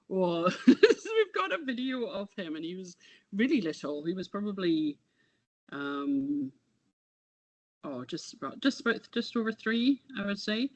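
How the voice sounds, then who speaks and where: A woman, talking about her son as an interview guest, halting and reflective, often trailing off. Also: on the low side, no echo. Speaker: interview guest, bereaved mother. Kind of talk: casual conversation.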